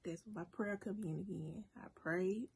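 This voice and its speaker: A woman vlogger telling a story casually to her viewers, animated and talking straight to them. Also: lowish voice, normal speed, gravelly, a little hiss or hum. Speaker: cooking and mukbang vlogger. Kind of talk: casual storytime while eating.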